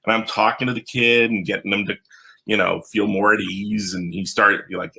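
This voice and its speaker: A man, a comic book writer, telling stories in an animated podcast conversation and acting out the voices of the people in them. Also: moderate pace, gravelly, slightly rough. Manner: animated, acts out quoted voices with big pitch jumps. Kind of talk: animated storytelling in a podcast interview.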